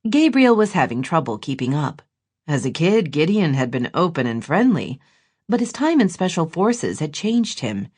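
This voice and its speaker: A woman narrating an audiobook in expressive, scripted storytelling. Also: sits low, moderate pace, slightly rough.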